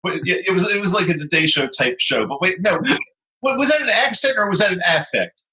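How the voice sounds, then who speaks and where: Animated bright-voiced podcast co-host. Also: male voice, high voice, fairly quick. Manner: animated, self-defending, playful. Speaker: dentist co-host. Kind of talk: casual podcast chat.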